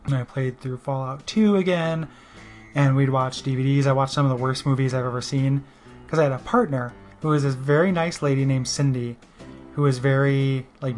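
Guy rambling thru a story about himself, lots of you knows, mid pitch, soft guitar music behind. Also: fairly even intonation, normal speed. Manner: rambling, self-deprecating, heavy on "you know". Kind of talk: casual spoken monologue.

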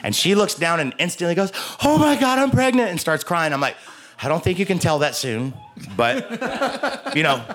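A man's voice: fairly high pitch, big pitch swings, normal speed, fairly bright tone. Profane man telling a crude story. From Alabama, US. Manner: profane, rambling, laughs through the story.

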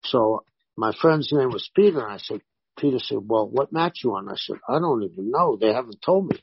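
A man, a former pro wrestler, telling animated stories in a casual interview and voicing the people in them. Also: mid-range voice, brisk, vocal fry, husky, dry recording, highs cut off. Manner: animated anecdotes with voiced quotes.

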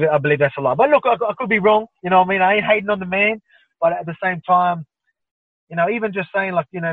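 A man's voice: on the high side, no room sound. A man in his thirties with an Australian accent, answering interview questions over a video call in a fired-up, restless way, full of fillers and repeated words. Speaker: interview guest, fighter. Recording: tinny phone-like line, dry.

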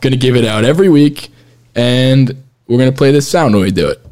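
A man's voice: mid-range voice, expressive, fairly quick, a little mellow. Rambling man hosting a podcast. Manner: rambling, restarts sentences, laughs often. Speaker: podcast host. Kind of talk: casual chat.

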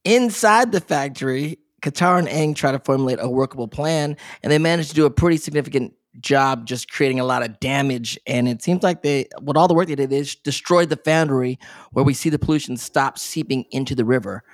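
A man co-hosting a podcast, recapping an episode in a chatty, animated way and laughing often. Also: mid-range voice, brisk, no room sound, studio quality. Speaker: podcast co-host. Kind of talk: casual chat recapping an episode.

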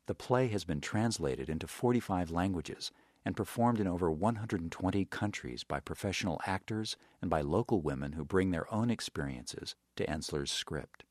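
A man giving scripted documentary narration in a measured, even way. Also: deep voice, dry recording, clean studio sound.

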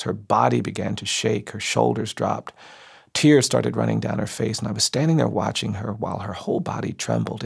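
A man, a civil rights lawyer, telling a story slowly and deliberately with measured pauses. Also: mid-range voice, gravelly, slightly rough. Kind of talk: storytelling speech.

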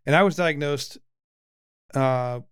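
A man in his forties hosting a casual podcast chat with his son, lively and teasing, often restarting his sentences. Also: a little high, takes it slowly, smooth, dry recording, clean studio sound. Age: 40s. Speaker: podcast host, father.

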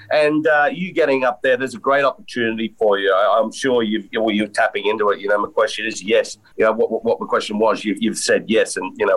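A man's voice: medium pitch, a bit bright, rough recording. A man co-hosting an interview, asking questions in a rambling way and repeating himself as he goes. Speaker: co-host. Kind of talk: casual interview chat.

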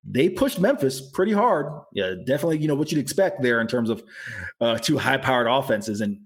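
A man hosting a casual college football talk show, chatting through scores and stats with quick asides and self-corrections. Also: medium pitch, animated, husky. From Florida. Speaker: sports talk host.

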